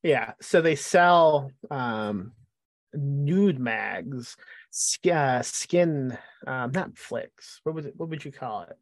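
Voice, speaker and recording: A man's voice: mid-range voice, lively intonation, slow pace, no echo, studio quality. A man appearing as a podcast guest, chatting casually with irreverent, crude, wry humor. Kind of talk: casual joking chat.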